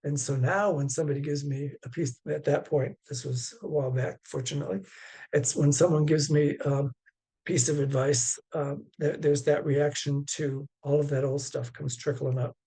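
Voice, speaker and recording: A man, a Zen teacher, giving a dharma talk over a video call in a gentle, unhurried way, halting often with fillers. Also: a little high, fairly even intonation, slightly rough.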